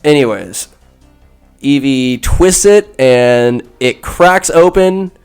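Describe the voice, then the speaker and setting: Brief: male podcast host, mid pitch, casual comic recap, rambling and crude, faint music bed. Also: expressive, a little mellow, clean tone. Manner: rambling, casual, with crude asides and quick quoted character voices. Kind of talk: comedic movie recap.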